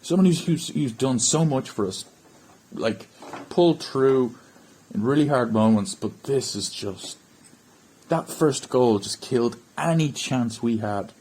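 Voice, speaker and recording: A man's voice: medium pitch, lively intonation, a little slow, a little mellow, slight background noise, low-quality recording. An Irish man hosting a football fan channel, ranting bluntly about a bad match and swearing in frustration. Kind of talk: ranting match review to camera.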